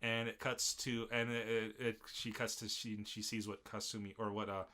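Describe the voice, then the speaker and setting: Young male podcast co-host, bright and forceful voice, lively scene-by-scene recapper. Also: on the low side, brisk. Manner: animated, acts out character lines in shifting voices. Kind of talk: casual anime recap chat.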